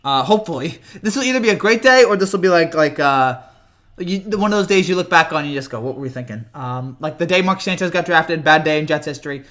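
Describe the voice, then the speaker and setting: A young man hosting a casual live reaction stream, rambling and excitable, whose voice cracks often. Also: a little high, fast talker. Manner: rambling, excitable, repeats himself.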